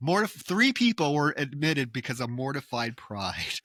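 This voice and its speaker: A man co-hosting a podcast, casually recapping a horror film with animated acted quotes. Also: mid-range voice, normal speed, no echo, studio quality. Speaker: podcast co-host.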